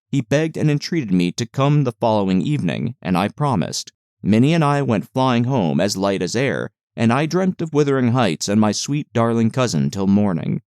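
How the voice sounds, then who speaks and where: A man narrating a classic novel as an audiobook, in a measured, even reading voice. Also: on the low side, no echo, clean studio sound. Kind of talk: scripted literary narration.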